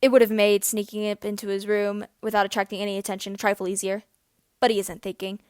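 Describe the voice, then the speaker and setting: A woman reading fan fiction aloud in a gentle, even storytelling voice. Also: medium pitch, fast talker, clean tone, no echo, clean studio sound. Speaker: audiobook reader.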